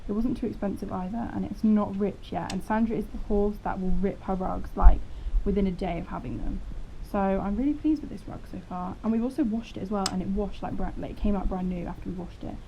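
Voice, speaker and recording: A woman talks over her horse-care footage in a chatty, self-deprecating ramble. Her voice carries a gravelly fry. The recording sounds dull and lo-fi, with a faint hiss underneath. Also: medium pitch, brisk, hardly any pauses. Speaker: horse vlogger. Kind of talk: casual voice-over narration.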